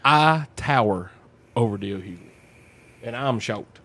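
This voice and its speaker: Storytelling man, mid-pitched. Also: unhurried. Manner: rambling, animated anecdote-telling with acted-out quotes. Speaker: podcast guest storyteller. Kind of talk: casual storytelling chat.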